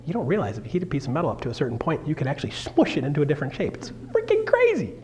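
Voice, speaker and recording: A fairly high-voiced man runs a real estate seminar in an animated, joking way. He keeps asking the room questions and checking that people follow. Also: rapid-fire. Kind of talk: live seminar talk.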